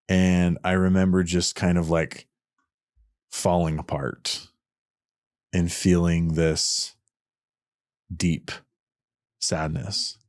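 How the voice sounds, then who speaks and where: A podcast host with a deep, slightly mellow voice that is clear and resonant talks through ideas alone on a studio-quality, echo-free recording. His reflective solo talk is earnest and explanatory, and he often restarts sentences.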